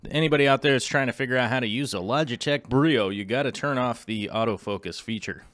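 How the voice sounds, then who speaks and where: A man's voice: medium pitch, fast talker, a bit bright, no room sound, studio quality. A man hosting a live stream in a goofy, playful, rambling way, chatting casually to his viewers. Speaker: livestream host. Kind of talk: casual livestream chat.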